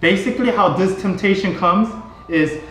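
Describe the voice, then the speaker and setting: A middle-aged male pastor preaching a sermon in a church, emphatic and repetitive, at times rising to shouts. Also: sits high, moderate pace. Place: church sanctuary. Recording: very echoey hall.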